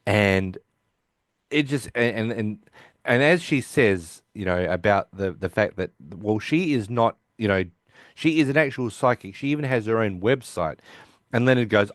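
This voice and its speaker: A man's voice: on the low side, measured pace, no room sound, clean studio sound. A man co-hosting a podcast, casually recapping an episode by quoting the characters' lines, with lots of restarts. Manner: rambling, with frequent restarts. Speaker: podcast co-host.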